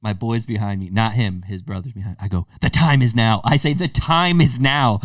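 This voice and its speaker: A young man co-hosting a podcast, telling a story in casual chat, animated, swearing freely and acting out quotes. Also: on the low side, fairly quick, no room sound, studio quality, far from the mic. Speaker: podcast co-host.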